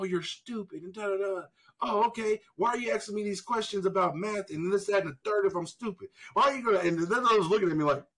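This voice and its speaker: A man with a fairly high voice tells stories on a casual podcast. His pitch swings widely as he acts out the people in his tales. He talks loosely and swears often. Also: fairly bright tone, poor audio. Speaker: podcast co-host. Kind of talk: casual storytelling chat.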